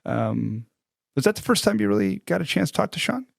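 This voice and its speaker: A man co-hosting a church podcast in casual chat, animated and quick to laugh. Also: fairly high pitch, vocal fry, slightly rough, no room sound, studio quality. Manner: animated, laughs easily, jumps into voices. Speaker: podcast co-host.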